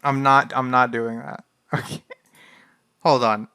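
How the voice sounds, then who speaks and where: A man's voice: mid-range voice, level tone, takes it slowly, sharp tone, clean tone, no echo. A young man streaming a text adventure game, reading the game text aloud in a casual, flustered way and often laughing. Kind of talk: casual live-stream commentary.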